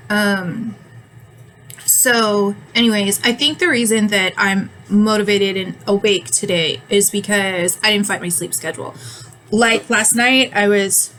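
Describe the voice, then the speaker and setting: A woman's voice: mid-range voice, fairly bright tone, a little hiss or hum, poor audio. A woman in her thirties, chatting casually to camera, rambling with ums and frequent laughs, a bit winded and yawning. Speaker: vlogger.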